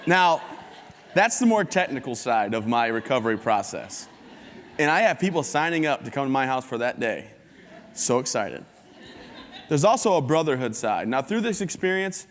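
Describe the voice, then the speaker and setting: A man's voice: medium pitch, expressive, normal speed, slight background noise. A man in his thirties giving an upbeat, joking motivational talk from a stage, acting out little scenes and voices. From United States. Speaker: keynote speaker. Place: conference hall stage before an audience. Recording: long hall reverb.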